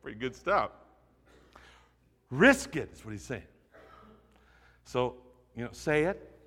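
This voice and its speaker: A man's voice: mid-range voice, sing-song, slow pace, bright, forceful tone, breathy edge, big-room sound. A male pastor preaching a sermon, earnest and urging, repeating phrases for emphasis.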